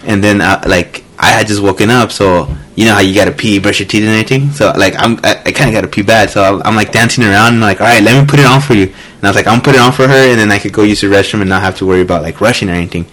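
A man guesting on a podcast in casual chat, halting and full of "like" and swearing. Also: fairly low pitch, steady tone, fairly bright tone, poor audio.

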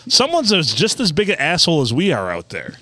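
A man with a bright, forward voice tells stories at a podcast table. His pitch runs lively and high for a man, and he keeps up a joking, animated manner. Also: fairly quick, dry recording. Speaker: podcast host. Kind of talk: casual chat. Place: bar.

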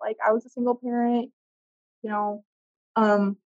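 A woman, a guest in a conversation, telling a personal story haltingly, with restarts and soft trailing pauses. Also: fairly high pitch, level tone, muffled recording.

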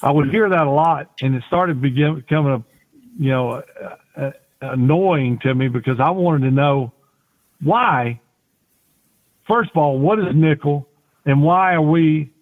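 Man telling stories over tinny audio. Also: mid-range voice. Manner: rambling, folksy, with many restarts. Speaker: podcast guest, former quarterback. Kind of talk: casual interview storytelling.

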